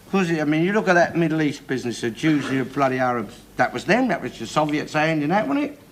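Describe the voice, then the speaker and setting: An actor playing a bigoted, ranting middle-aged working-class man in a 1970s television sitcom, loud and blustering and swearing constantly. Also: a little high, big pitch swings, quick pace. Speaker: sitcom character. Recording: hissy old television recording.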